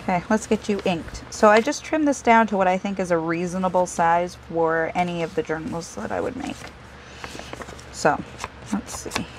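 A woman's voice: lowish voice, normal speed, noisy background. A woman hosting a casual crafting video, chatting and joking at herself as she works. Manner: chatty, self-deprecating, talks to herself while working.

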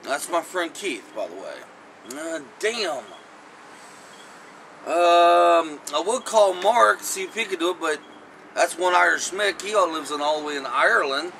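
Rambling man with a bright voice. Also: a little high, lively intonation, unhurried, a little hiss or hum, low-quality recording. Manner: rambling, pretends to take phone calls. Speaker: comedy vlog host. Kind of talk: improvised comic skit.

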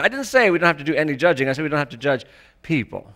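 A pastor preaches a conversational sermon, frequently posing rhetorical questions to the congregation and restarting sentences with small stammers. His voice is on the high side, sing-song and sharp, and he races along.

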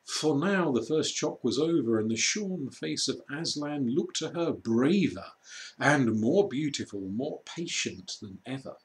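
A man reading a children's storybook aloud, slow and measured with dramatic pauses. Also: medium pitch, lively intonation. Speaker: reader.

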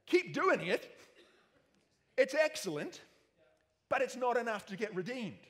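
Aussie guy preaching, high voice, jokey and lively, long echo in a church hall. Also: a little slow. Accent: Australian. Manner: jokey, animated, self-mocking asides. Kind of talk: sermon.

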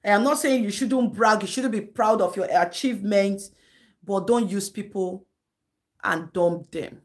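In an unhurried, mid-range voice, a Nigerian woman hosts a live-stream gossip commentary. She lectures and scolds in a chatty way, laughing between her points.

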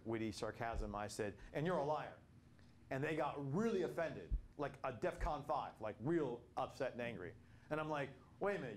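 A man's voice: medium pitch, slight background noise. An older man leading a casual Bible study reflection, telling stories in a rambling way with many restarts.

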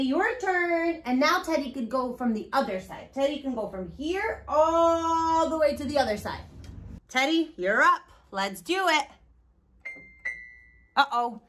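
Young woman host for a kids' show, slow, encouraging, exaggerated delivery. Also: sits high. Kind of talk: sing-song talk to small children.

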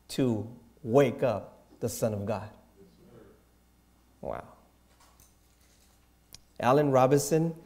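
A man preaching with a slow, unhurried delivery. His voice is dark and mellow, and his tone is reverent, sinking into quiet, hushed asides. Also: mid-range voice. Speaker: pastor. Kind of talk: sermon.

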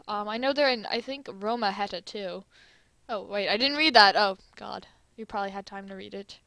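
A young woman playing a game and reading its lines aloud, giggly and excitable. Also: mid-range voice, brisk, vocal fry, no room sound. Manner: giggly and excitable, reads all characters. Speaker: let's play gamer.

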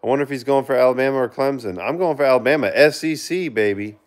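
A man hosting a casual live stream, reading viewer comments aloud and giving shout-outs, earnest with sudden excited outbursts. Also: mid-range voice. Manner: reads chat aloud and gives quick shout-outs. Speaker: livestreamer reading viewer chat.

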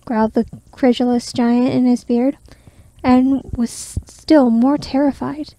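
A woman gently reading a fairy tale aloud in a soft ASMR style, close to the microphone, partly whispered. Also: high-pitched, steady tone, takes it slowly, rough recording. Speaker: ASMR storyteller.

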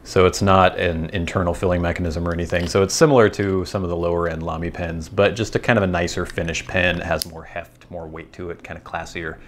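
A man's voice: low voice, steady tone, brisk, hardly any pauses, a little hiss or hum. An American man hosting his channel, talking in a chatty, digressive, amused way. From United States. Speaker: host. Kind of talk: casual rambling monologue.

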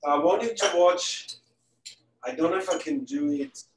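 A male celebrity pastry chef does a live baking demonstration from his home kitchen, chatting casually and tossing in joking asides as he works. His voice is high-pitched with big pitch swings at a normal speed, and the recording sounds echoey with a distant mic.

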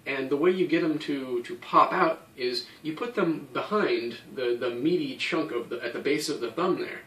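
A man's voice: mid-range voice, normal speed, a bit bright. A man teaching a hand-drum technique, explaining each step patiently and counting the beats aloud. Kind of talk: instructional explanation. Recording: echoey room, somewhat far from mic. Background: drum playing.

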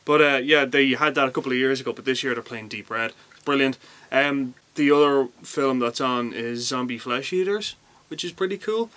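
A man's voice: medium pitch, normal speed, pushed and bright. A man appearing as a first-time guest on a film review show, chatty and a bit nervous, with plenty of fillers. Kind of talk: casual chat. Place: indoors at a cinema venue.

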